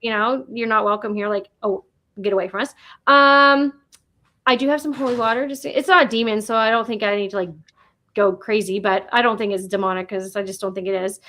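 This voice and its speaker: A woman with a high voice and a Nova Scotian Canadian accent, talking casually on a livestream. She rambles with plenty of fillers and restarts. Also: fairly even intonation, brisk, sharp tone. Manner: chatty, rambling, lots of fillers. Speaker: paranormal guest.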